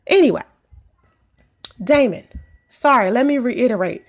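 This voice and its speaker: A woman's voice: a little high, normal speed, long pauses. Woman vlogger, pregnant, answering comments in a casual way; blunt, profane, laughs easily.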